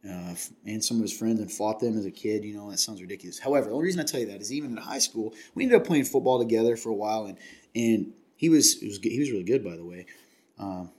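A man's voice: lowish voice, quick pace, darkish tone. A man from Kentucky hosting a casual chat, earnest and confiding, rambling with many restarts.

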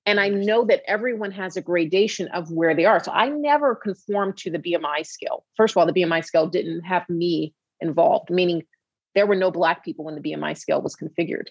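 A woman physician on a talk show, telling a patient story in an animated, conversational way with many asides. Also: fairly low pitch, vocal fry, husky, no room sound, muffled recording. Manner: animated storyteller, frequent "you know" asides. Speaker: obesity medicine physician guest.

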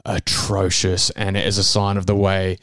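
A man's voice: low-pitched, completely flat delivery, moderate pace, a bit bright, dry recording, clean studio sound. A young man co-hosting a casual podcast, joking around and laughing often as he tells stories about his weekend. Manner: jokey, laughs often, drifts into silly accents. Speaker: podcast co-host. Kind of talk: casual banter.

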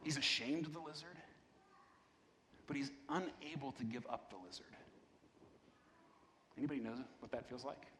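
Conversational pastor in an echoing hall. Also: male voice, mid-range voice, moderate pace, pauses often, sharp tone, slight background noise. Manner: conversational, repeats "right?", restarts words. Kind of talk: sermon. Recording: long reverb of a large hall.

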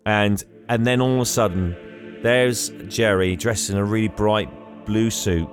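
A man's voice: lowish voice, steady tone, measured pace, over music. A man co-hosting a podcast, animatedly recapping a film and acting out its characters. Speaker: podcast co-host.

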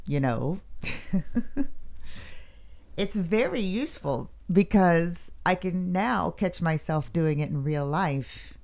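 A woman's voice: fairly low pitch, slow, vocal fry, darkish tone. A woman co-hosting a casual, unscripted podcast, chatty and self-conscious, laughing often. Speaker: podcast co-host. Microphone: podcast mic with headphones, home setup.

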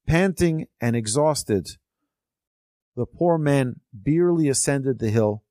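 A male religious teacher tells a parable, then explains it to his class in an earnest, rambling way. His voice sits at a middle pitch. The sound is dry and close. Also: lively intonation, slow pace, warm tone, no room sound. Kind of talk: storytelling lesson.

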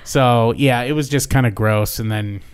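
A man co-hosting a casual podcast chat, animated and quick to laugh, who swears casually and often slips into silly voices and sound effects. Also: mid-range voice, clean tone. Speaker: podcast co-host.

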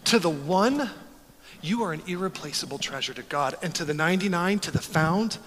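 A man in his forties preaching a sermon, telling stories in an animated, joking way. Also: sits high, moderate pace, big-room sound, a little hiss or hum. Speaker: pastor.

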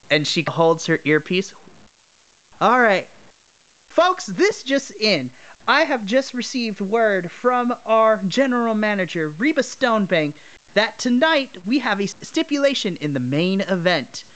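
A man's voice: sits high, big pitch swings, unhurried, a bit bright, exaggerated voice. A man voicing a tiny woman backstage interviewer at a wrestling show, bubbly and gushing. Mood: announcing. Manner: bubbly, fawns over a puppy.

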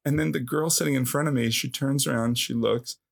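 A man in his fifties, a guest telling a funny story from his youth in a casual, animated, self-mocking way, filling his speech with "like" and "you know". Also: medium pitch, brisk, vocal fry. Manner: animated, self-mocking, heavy use of filler words.

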